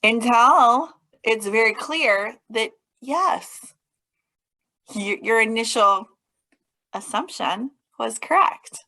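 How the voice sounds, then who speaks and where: A woman's voice: on the high side, expressive, slow, bright, forceful tone, low-quality recording. A woman co-hosting a podcast in casual chat, thoughtful, with hesitant starts. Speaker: podcast co-host.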